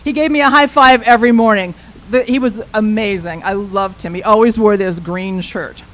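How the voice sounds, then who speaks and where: A woman, an intern minister, telling a personal story as a sermon in an animated, conversational way. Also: medium pitch, moderate pace, slight background noise, low-quality recording.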